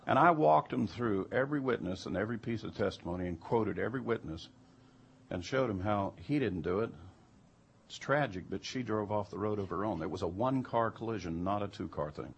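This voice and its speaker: Husky gravelly guy telling a story, gets worked up and disbelieving. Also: on the low side, a little fast. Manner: emphatic, grows heated and incredulous. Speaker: storyteller recounting jury duty. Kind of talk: animated personal anecdote.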